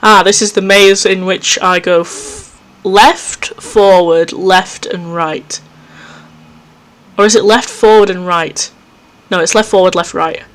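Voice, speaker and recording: Male let's play host, reads horror game narration aloud, easily spooked, quick self-mocking asides. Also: high voice, steady tone, fairly bright tone, clear, resonant tone. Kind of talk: reading a visual novel aloud with commentary. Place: home recording setup.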